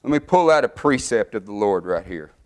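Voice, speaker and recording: A middle-aged man preaching a sermon, fervent, his voice climbing higher and louder as he builds. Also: expressive, brisk.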